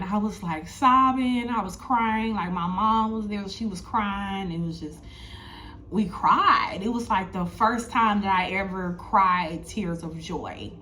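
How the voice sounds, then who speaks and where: A woman's voice: medium pitch, bright, forceful tone, a little hiss or hum. A woman, telling a personal story in a chatty vlog, talking straight to her viewers and circling back over her points. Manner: chatty, addresses viewers directly, repeats herself. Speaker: spiritual content creator.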